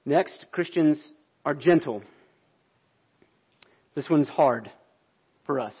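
A man's voice: fairly high pitch, breathy edge, dull audio. A man pastor delivering a sermon in an earnest, explanatory way.

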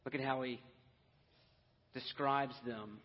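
A man's voice: medium pitch, steady tone, takes it slowly. A man preaching a sermon as pastor, earnest, with casual asides and restarts. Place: church sanctuary. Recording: dull, echoey church hall audio.

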